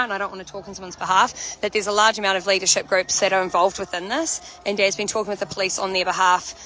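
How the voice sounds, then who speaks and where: A woman's voice: medium pitch, sharp tone, slight background noise, low-quality recording. A woman live-streaming casual chat to her viewers from an outdoor protest camp, speaking from a handheld phone. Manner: chatty, talks straight to viewers. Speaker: livestreamer. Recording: outdoor crowd and music behind.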